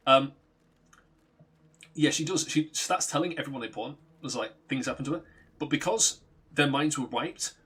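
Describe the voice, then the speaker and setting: A man's voice: medium pitch, a bit bright, breathy edge. A man streaming a video game, chatting loosely and swearing freely as he rambles and corrects himself. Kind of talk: casual chat while playing a game.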